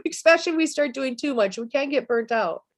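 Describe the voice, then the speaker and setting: A middle-aged woman, a psychic medium guest, telling personal stories in a lively, chatty way. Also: high voice, fast. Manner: lively anecdotal telling with laughs. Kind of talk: storytelling interview chat.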